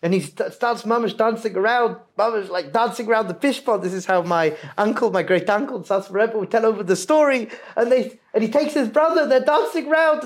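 A man, a guest, telling a religious story with lively shifts between hushed and loud. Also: sits high, brisk, few pauses. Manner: animated, swings from hushed to loud. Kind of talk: animated storytelling.

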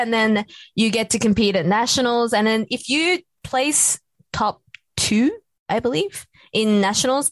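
A woman's voice: medium pitch, no room sound. Woman, dry close sound, matter-of-fact, step-by-step explanations, fillers, casual interview guest. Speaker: powerlifter and guest.

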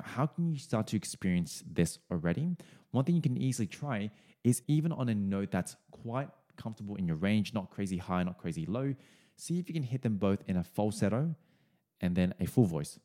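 Man, singing coach, somewhat low voice, friendly, explanatory, casual fillers. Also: mellow. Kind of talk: explaining a song's vocals to viewers.

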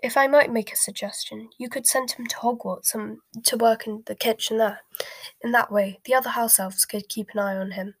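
A woman voicing a calm, polite elderly male wizard in a soft whispered role-play storybook reading. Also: a little high, no room sound. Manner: polite and unhurried.

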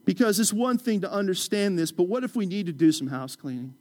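Male pastor, high voice, chatty, story-driven preaching. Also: big pitch swings, a little fast, darkish tone. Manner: conversational, storytelling, joking with the congregation. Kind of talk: sermon.

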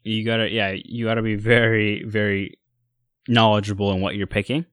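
A man with a lowish voice chats casually, stopping and restarting with many fillers as he weighs which releases to buy. The sound is close and dry, with no room around it. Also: normal speed, dry recording. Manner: relaxed, many fillers and restarts, giving buying advice. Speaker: sneaker and streetwear co-host. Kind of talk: casual chat.

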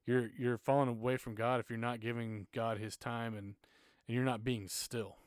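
A man's voice: mid-range voice, level tone, moderate pace, no room sound, studio quality. Earnest man telling a story. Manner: earnest storytelling, emotional at times. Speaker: podcast guest, church music minister. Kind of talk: casual podcast conversation.

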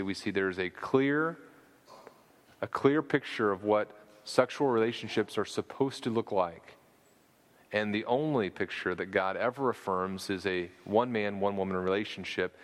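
Earnest male preacher in a reverberant hall. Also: lowish voice. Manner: earnest, argumentative, with frequent restarts and repeated words. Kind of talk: sermon.

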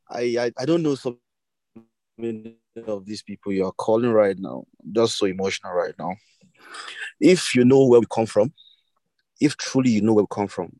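A man with a lowish voice speaks haltingly on a phone in a video call, circling back over his words as emotion catches up with him. The sound is close and dry, with no room around it. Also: darkish tone, no room sound, low-quality recording. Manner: halting, emotional, repeats himself. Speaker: guest speaker, author's brother. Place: village, weak network.

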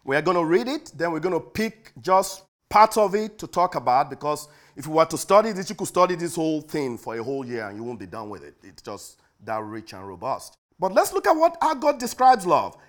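A male preacher delivering a sermon, swinging from loud declarations to hushed asides. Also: a little high, sing-song, fairly quick, hardly any pauses.

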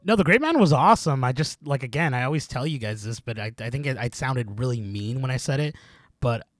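A man's voice: mid-range voice, lively intonation, fairly quick, no room sound. A man co-hosting a podcast in casual chat, rambling, restarting his sentences and often breaking into laughter. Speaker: podcast co-host.

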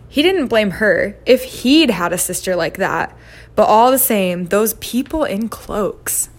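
A woman reading a novel aloud at an unhurried pace, now and then adding her own asides. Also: mid-range voice. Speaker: reader.

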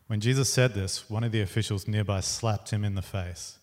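Low-voiced man reading scripture. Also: fairly even intonation, brisk, darkish tone. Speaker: scripture reader.

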